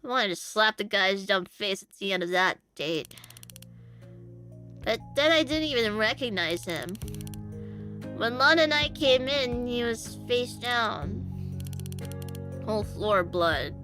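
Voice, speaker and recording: A woman's voice: a little high, lively intonation, takes it slowly, pauses often, sharp tone, heavily acted. A woman voicing a small, hot-tempered female homicide cop who talks in a blunt, irritable way, with faint music behind. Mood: somber. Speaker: visual novel character.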